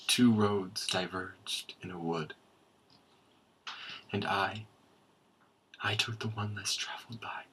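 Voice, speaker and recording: A man giving a slow, hushed poetry recitation, dropping into whispers at times. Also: lowish voice, a little hiss or hum, rough recording. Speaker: student presenter.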